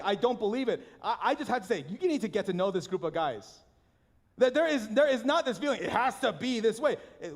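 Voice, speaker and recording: A pastor preaching a sermon in a church, passionate and animated, often restarting his phrases. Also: very high voice, long reverb tail. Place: church sanctuary.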